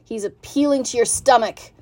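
A woman voicing a bossy, excitable female farm goose who repeats her commands urgently in a shrill voice. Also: normal speed, natural voice. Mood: warning.

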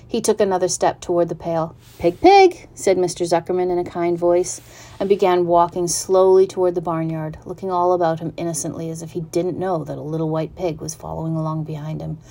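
Reading from a children's storybook, a woman narrates in a steady, unrushed way, her pitch sitting fairly low.

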